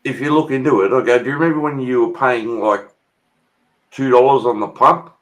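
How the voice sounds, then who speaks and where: A man's voice: medium pitch, brisk. Aussie guy ranting happily, swears a lot, keeps saying mate. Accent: Australian. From Australia. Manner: excitable, swears a lot, slips into loud mocking voices. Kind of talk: casual chat.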